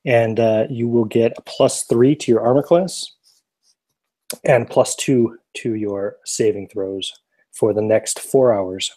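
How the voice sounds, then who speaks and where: A man playing in a tabletop game, explaining his character's spells with many pauses and fillers. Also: medium pitch, steady tone, warm tone. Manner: hesitant, rules-checking, many fillers. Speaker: player. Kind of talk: tabletop game play, casual.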